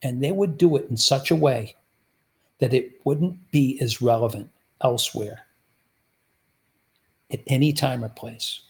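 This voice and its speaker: A man's voice: mid-range voice, unhurried, creaky, long pauses. A man preaching a sermon, teaching through rhetorical questions he puts to his listeners. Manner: rhetorical, repeatedly asks the audience "guess what".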